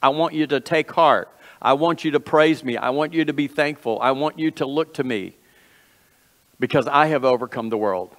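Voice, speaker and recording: Folksy pastor guy preaching, mid pitch, lots of echo from the church hall. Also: moderate pace, fairly bright tone. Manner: earnest, folksy preaching with repeated phrases and self-corrections. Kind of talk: sermon. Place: church sanctuary.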